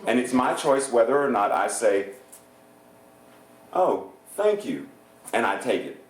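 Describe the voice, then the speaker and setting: Lively, animated male preacher. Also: medium pitch, a little slow, slight background noise. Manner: animated, playful, laughs often. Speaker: guest minister. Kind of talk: sermon. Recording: echoey church hall.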